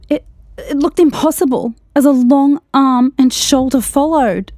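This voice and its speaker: A woman narrating a scripted first-person horror story in a tense, hushed way, sometimes slowing down or dropping to a whisper. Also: a little high.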